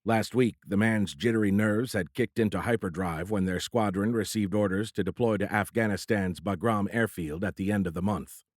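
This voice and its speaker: Low-voiced male audiobook narrator, close and dry. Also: moderate pace, hardly any pauses, dry recording. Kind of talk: scripted narration.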